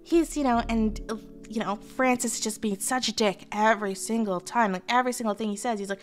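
A woman retells history as casual comedy, chatting irreverently with plenty of swearing and fillers. Her voice sits a little high, and faint music plays beneath. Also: brisk. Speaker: history storyteller, virtual streamer.

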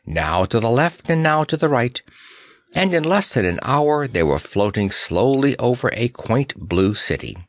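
A man reading a children's story aloud in an expressive, animated way. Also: mid-range voice, dry recording. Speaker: audiobook narrator. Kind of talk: storybook narration.

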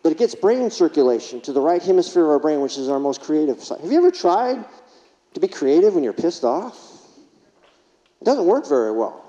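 Speaking a little fast in a mellow, fairly high voice, this keynote speaker is very animated as he jokes his way through stories and performs patients' quotes. It's a lo-fi capture with the long echo of a conference hall.

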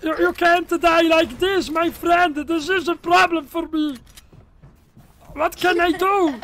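An Italian man putting on a strange high voice in game chat, speaking slow, broken English and repeating his words. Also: steady tone, fairly bright tone, full character voice. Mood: pleading. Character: man with strange squeaky high voice, pleading and earnest. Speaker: gaming YouTuber. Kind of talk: prank voice in online game chat.

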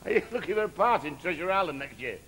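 A man's voice: on the high side, lively intonation, fast, a bit bright. A man playing a catty, bickering pantomime ugly sister in drag, teasing his stage partner in a live stage comedy. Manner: bickering, teasing, ad-libbing with laughs. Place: theatre stage. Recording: stage recording with audience and noise.

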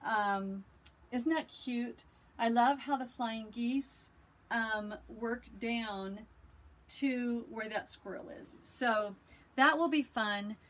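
A woman's voice: fairly high pitch, slow, a bit bright. A woman quilting vlogger chatting casually and enthusiastically as she shows her quilts, with lots of ums and restarts. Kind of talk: casual show-and-tell chat.

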